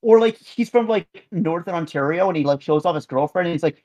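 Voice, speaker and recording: A man's voice: a little high, expressive, brisk, hardly any pauses, a little mellow, dull audio. Earnest rambling man on a podcast. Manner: rambling, earnest, frequent restarts. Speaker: podcast co-host. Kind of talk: casual chat.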